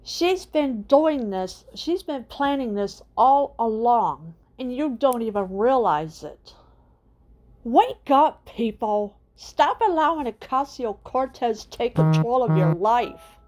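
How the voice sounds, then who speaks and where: A middle-aged woman rants straight at her audience. She speaks slowly and deliberately, her voice sitting a touch high. She hammers one indignant question after another. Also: very animated, a little mellow. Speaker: channel host. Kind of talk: political rant to camera.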